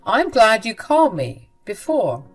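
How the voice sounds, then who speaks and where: A woman's voice: fairly high pitch, wildly swooping pitch, unhurried, husky, faint music behind, voice pushed up, heavily acted. A woman voicing a sympathetic older father-in-law who speaks in a firm, reassuring way.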